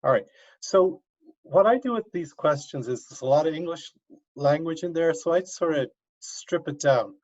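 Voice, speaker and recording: A man's voice: a little high, expressive, normal speed, darkish tone. A male university professor teaching an online class, coaxing students step by step over a video call. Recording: dull lo-fi video call audio.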